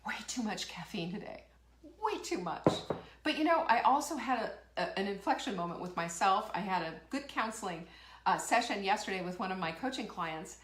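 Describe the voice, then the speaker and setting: A woman's voice: medium pitch, animated, moderate pace, fairly bright tone, echoey room, a little hiss or hum. A woman hosting a live motivational talk show, fired up and emphatic, firing rhetorical questions and reading out viewer comments. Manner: reads out viewer comments and laughs. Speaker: host.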